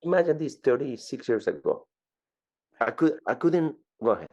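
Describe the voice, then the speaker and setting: Gravelly Ecuadorian-accented man in his fifties. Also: medium pitch, normal speed, lo-fi sound. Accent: Ecuadorian Spanish. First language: Spanish. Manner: animated storyteller, repeats words. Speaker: guest. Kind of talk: storytelling interview.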